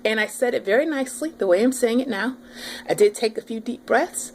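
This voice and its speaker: A pregnant woman in her thirties telling her audience a story in a casual, animated vlog. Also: on the high side, brisk, a little hiss or hum. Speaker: vlogger.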